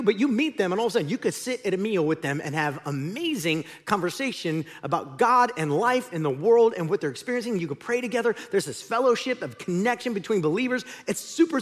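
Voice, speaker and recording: A man with a high-sitting voice preaches a sermon as pastor in a large church auditorium. His delivery is conversational and full of jokes.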